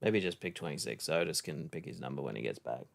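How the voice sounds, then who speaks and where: A playful co-host jokes through a casual streamed puppet chat. The pitch moves around a lot as they talk. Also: lively intonation, fast talker, creaky. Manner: playful, jokey.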